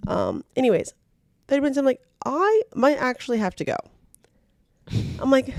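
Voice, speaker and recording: A young woman co-hosting a podcast, telling a story in animated, laughing casual chat, full of "like". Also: mid-range voice, a little fast, long pauses, no echo, clean studio sound. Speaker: podcast co-host.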